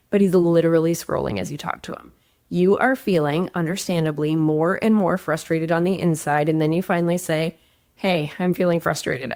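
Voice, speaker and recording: A woman in her thirties, a relationship coach, giving emphatic, conversational advice straight to the camera. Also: on the low side. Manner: animated, emphatic, conversational with acted-out quotes. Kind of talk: direct-to-camera advice talk.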